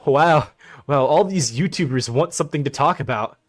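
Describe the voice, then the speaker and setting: A man's voice: mid-range voice, expressive, brisk. A young man hosting a livestream, talking casually in a mocking, laughing, slangy way. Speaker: livestream host.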